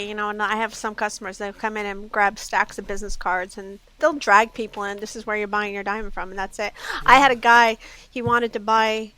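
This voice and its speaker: A woman's voice: medium pitch, rough recording. A middle-aged woman with a New York accent, a bubbly jewelry store owner telling stories in a casual chat. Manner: bubbly, animated storyteller.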